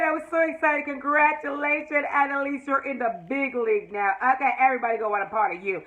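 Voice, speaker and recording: A woman's voice: a little high, steady tone, quick pace, few pauses, narrow, tinny audio. A woman giving a casual, emphatic, slangy recap of a TV episode and talking straight to her viewers. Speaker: TV episode reviewer.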